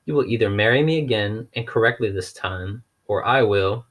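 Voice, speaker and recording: Man voicing a grim scheming villain count, storybook reading, insistent, low voice. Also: moderate pace, fairly bright tone. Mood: menacing.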